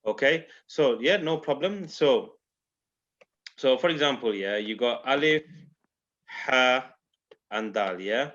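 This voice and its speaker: A man's voice: medium pitch, animated, takes it slowly, long pauses, a bit bright. Patient male teacher on a muffled call. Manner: explains patiently, keeps checking with "yeah?". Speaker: Quran recitation teacher. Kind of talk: online class teaching. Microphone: video call microphone.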